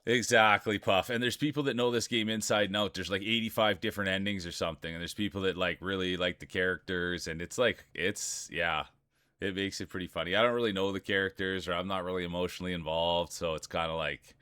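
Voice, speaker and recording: A man's voice: low voice, steady tone, a little fast, bright, forceful tone, clear, resonant tone, no echo. A man streaming live, chatting casually and rambling while greeting viewers by name.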